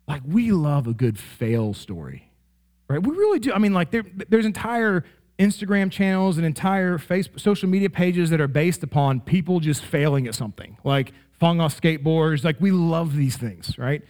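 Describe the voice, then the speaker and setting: A man preaching a sermon as pastor, conversational and animated, with frequent "right?" asides that check in with the congregation. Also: a little high, moderate pace. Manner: animated, rising sharply in playful examples.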